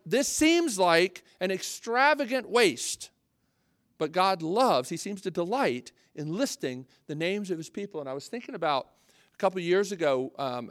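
A man's voice: high voice, no echo, clean studio sound. A man preaching a sermon in a conversational, earnest way, often restarting phrases and adding asides.

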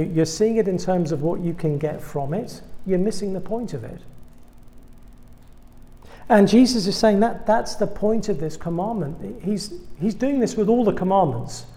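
A man's voice: sits high, dark tone. A man from England with an English accent, a guest preacher giving a humorous sermon to students, full of self-deprecating, wry asides.

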